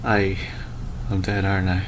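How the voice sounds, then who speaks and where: Low-voiced man, stammering game player. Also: completely flat delivery, normal speed. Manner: stammering, repeats himself. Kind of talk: playing a tabletop game.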